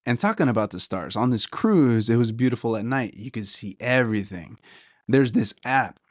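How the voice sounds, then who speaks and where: A man's voice: mid-range voice, expressive, normal speed, no room sound. Chatty young man, dry close sound. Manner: enthusiastic, rambling, says "dude" a lot. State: slightly losing his voice. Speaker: podcast host. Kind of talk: casual solo podcast talk.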